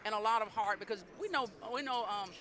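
A woman's voice: fairly high pitch, fast talker, fairly bright tone, a little hiss or hum. A middle-aged woman, a basketball coach, talking effusively and proudly in a postgame interview, often repeating herself. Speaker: women's basketball head coach.

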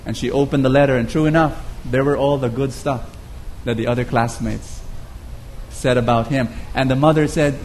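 A man's voice: medium pitch, fairly even intonation, moderate pace, darkish tone, slight background noise. A man preaching a sermon, telling a story earnestly and often repeating words as he goes.

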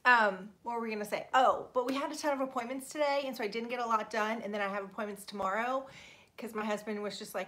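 A woman's voice: fairly high pitch, fast, fairly bright tone. A woman from Florida chatting casually while hosting a live stream, greeting viewers by name, laughing often and apologizing when she mispronounces names. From Florida, USA. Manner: apologetic and self-deprecating about pronouncing names. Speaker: livestream host.

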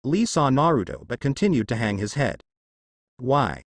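Reading fan fiction at a brisk clip, this male narrator keeps his delivery plain and steady while his pitch moves with lively rises and falls. The audio is dry and close to the mic, free of any room sound.

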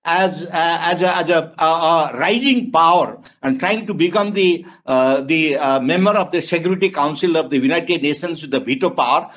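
Man, rather high voice, halting delivery, rhetorical questions, video call panel. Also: fairly bright tone. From Nepal. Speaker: webinar panelist. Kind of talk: panel discussion remarks.

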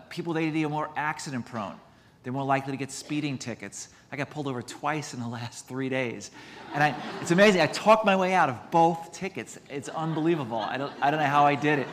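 A man's voice: mid-range voice, fairly bright tone, long reverb tail, a little hiss or hum. A man, a doctor, giving a conference lecture in a chatty, self-deprecating way, mixing medical points with stories.

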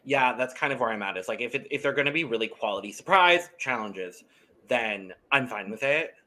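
A man's voice: mid-range voice, bright, forceful tone. A man co-hosting a podcast, leading a laid-back, wry recap of a reality show episode. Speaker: podcast co-host.

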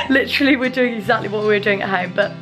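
A woman's voice: medium pitch, fast. A young woman chatting on a casual vlog with teasing, dry remarks, in a car and a hotel room. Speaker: vlogger. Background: loud background music.

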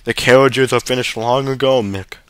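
A man's voice: medium pitch, steady tone, moderate pace, clear, resonant tone, dry recording, lightly acted. A man voicing a fussy male publican, in an anxious, scolding manner.

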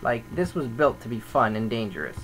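A man's voice: mid-range voice, expressive, a little fast, a bit bright, faint music behind, low-quality recording. Chatty grumbling man narrating gameplay. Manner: chatty, grumbling, thinking aloud. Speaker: server admin. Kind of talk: casual gameplay commentary.

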